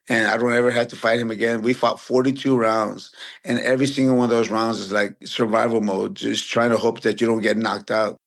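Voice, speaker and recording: A man in his fifties from San Antonio, a retired boxer telling stories as a podcast guest, relaxed and animated. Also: mid-range voice, gravelly. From San Antonio, Texas. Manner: relaxed, animated storyteller who acts out quotes. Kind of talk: casual interview storytelling.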